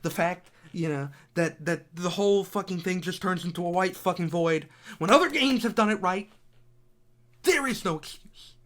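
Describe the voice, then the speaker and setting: A young man in his twenties giving an angry, profanity-filled game critique, repeating himself, swinging between loud outbursts and low, bitter muttering. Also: moderate pace. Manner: furious, profane, repetitive ranting.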